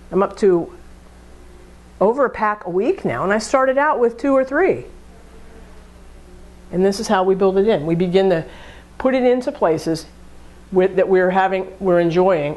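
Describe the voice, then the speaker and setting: A woman giving a conversational lecture on addiction, walking through everyday examples and acting out the thoughts behind them. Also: mid-range voice. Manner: conversational, acts out hypothetical inner thoughts. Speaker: addiction educator. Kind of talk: classroom lecture.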